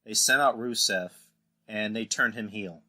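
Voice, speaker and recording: A man's voice: fairly low pitch, measured pace, sharp tone. A man hosting a casual podcast, rambling through recaps and acting out quotes in put-on voices. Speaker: podcast host. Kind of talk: casual wrestling podcast chat.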